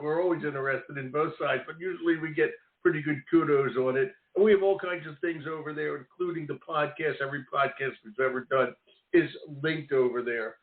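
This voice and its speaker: A man hosting a radio interview in a chatty, rambling way, often repeating and restarting his words. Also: fairly high pitch. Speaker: radio show host. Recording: tinny phone-like line with roomy echo.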